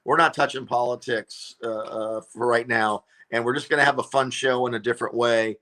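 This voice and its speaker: Bright-voiced animated male comedian. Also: mid-range voice, a little fast, hardly any pauses. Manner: animated storyteller, many fillers and restarts. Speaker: comedian and radio show regular, guest. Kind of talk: casual interview chat.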